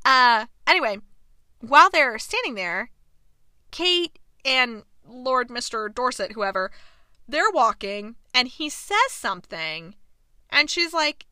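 Animated young woman recapping a show, bright voice. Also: on the high side, dry recording, studio quality. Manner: animated and exasperated, quoting characters in quick asides. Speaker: podcast host recapping a TV episode. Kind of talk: casual recap chat.

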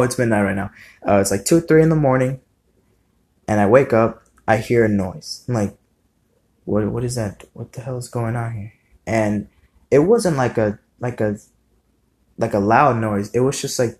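A man's voice: lowish voice, gravelly, a little mellow. A young man telling a casual storytime to his viewers, rambling and swearing with lots of fillers. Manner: rambling, profane, many fillers. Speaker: vlogger.

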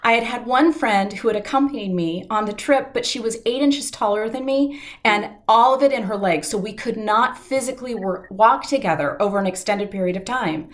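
A fairly high-pitched middle-aged woman tells a heartfelt personal story in an interview, speaking earnestly. At the emotional moments her delivery slows.

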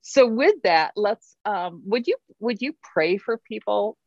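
A woman's voice: mid-range voice, expressive, a little slow, no room sound, highs cut off. A woman hosting a podcast interview, enthusiastic and affirming, talking loosely with restarts. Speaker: podcast host.

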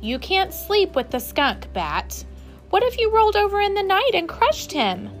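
A woman's voice: extremely high pitch, huge pitch swings, a little slow, faint music behind, pitched above the performer's own voice, full character voice. A woman voicing a firm but loving mother while reading a storybook aloud. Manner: firm, patient.

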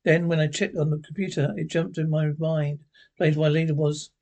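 A man reading the part of a clever male time-traveling doctor, musing and halting. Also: fairly high pitch, flat delivery, a little mellow, lightly acted. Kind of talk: reading a script aloud.

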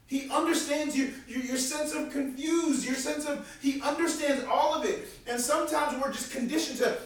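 A man with a notably high voice preaches a sermon, earnest and conversational, often repeating a key line to drive it home. The sound is very echoey, as if recorded from a distance in a large church room. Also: normal speed. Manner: repeats key lines for emphasis. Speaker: pastor.

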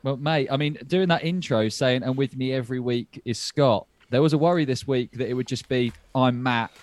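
A man's voice: medium pitch, brisk, darkish tone, no room sound. A man hosting a casual podcast, chatty and jokey, rambling with restarts. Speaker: podcast host.

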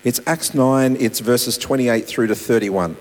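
A man's voice: mid-range voice, a little slow. Man preaching in a hall. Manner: dynamic preaching, voice rising and dropping to soft asides. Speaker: pastor. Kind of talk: sermon. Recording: long hall reverb with mains hum.

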